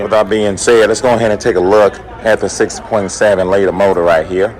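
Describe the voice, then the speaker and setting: A man from the American South, hoarse, hosting a car vlog in an upbeat, chatty way that speaks straight to his viewers. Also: fairly low pitch, fairly even intonation, brisk, hardly any pauses, a little mellow. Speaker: car channel host. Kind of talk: casual vlog talk to camera. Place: conference room at a car event.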